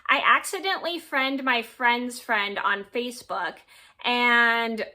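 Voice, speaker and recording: A woman in her twenties tells a personal story straight to camera in a bright, fairly high voice. She rambles and acts out what others said, trailing off with filler phrases. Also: takes it slowly. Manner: rambling retelling with quoted dialogue and yada yada. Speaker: vlogger.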